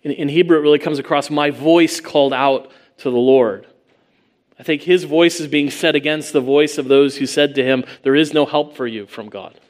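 A male preacher with a slightly high voice works through a passage verse by verse. He speaks earnestly and often poses rhetorical questions. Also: fairly even intonation, a little fast, few pauses. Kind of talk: sermon.

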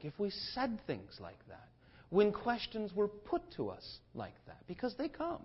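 A pastor preaching a sermon, shifting between hushed passages and forceful declarations. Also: male voice, sits high, wildly swooping pitch, unhurried, slightly rough. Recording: dull lo-fi sermon recording.

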